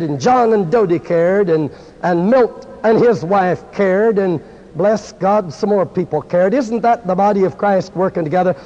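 A man's voice: sits high, darkish tone. A man preaching a fervent, exclamatory sermon to a gathering of preachers, at times switching into French. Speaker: evangelist preacher. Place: large church or conference hall. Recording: dull lo-fi archive recording in a reverberant hall.

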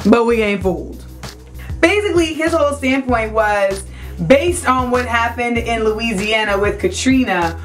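A young adult woman hosting a web show, giving brash, profane, animated comedic commentary. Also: on the high side.

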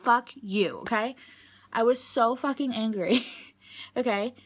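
A woman's voice: a little high, steady tone, unhurried, husky. A young adult woman talking straight to camera in a casual vlog, venting bluntly and swearing freely about her day. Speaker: vlogger.

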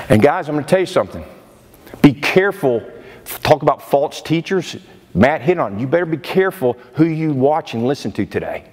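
A man preaching a sermon whose voice swings widely in pitch as he presses his points with emphatic disbelief. He sounds like he is in a church sanctuary, with long reverb hanging on his words. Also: a little mellow.

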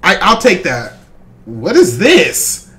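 A young man hosting a casual reaction video, jokey and animated, laughing often and calling the viewer bro. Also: high-pitched, slow pace, slight background noise.

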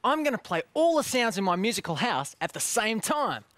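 A woman's voice: a little high, sing-song, a little fast, a bit bright, dry recording. A woman presenting children's TV, bubbly and giggly, breaking into song. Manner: bubbly, giggly, sings along.

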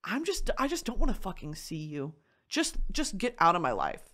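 A woman hosting a podcast, chatting casually in an animated way, swearing often and laughing through a story. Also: on the low side, moderate pace. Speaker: podcast host. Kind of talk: casual chat.

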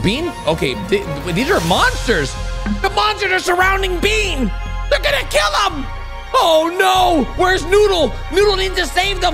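A young man hosting a reaction video, excitable and loud, often laughing and shouting as he comments. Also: very high voice, creaky. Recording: music playing underneath.

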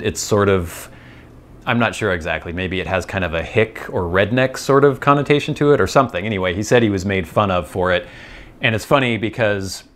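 A man's voice: sits low, fairly bright tone, slight background noise. A man hosting a vlog, thinking aloud in a casual, rambling monologue with self-deprecating asides. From United States. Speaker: vlog host.

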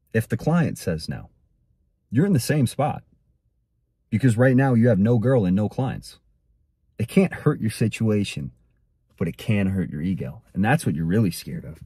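Young guy, low husky voice, slangy motivational rant, dry close sound. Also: warm tone, dry recording. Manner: blunt, slangy storytelling, addresses viewer as dude. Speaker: motivational content creator. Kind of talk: motivational monologue.

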